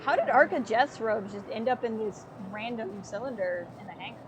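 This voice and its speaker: A woman's voice: a little high, brisk, background noise. A woman streaming a video game, chatting casually and with amusement as she plays. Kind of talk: casual gameplay commentary. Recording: game music behind voice.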